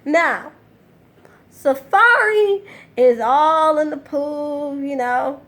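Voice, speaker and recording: A woman with a high voice gives a casual recap of a reality TV episode. She speaks bluntly and sassily, with plenty of profanity. Her retelling stays lively and opinionated. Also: drawn-out words. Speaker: TV recap host.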